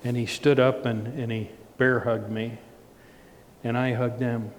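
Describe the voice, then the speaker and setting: In a flat, slightly slow delivery, this man tells a personal story during a sermon, earnest and rising toward emphatic points. Long hall reverb and a faint low rumble fill the recording.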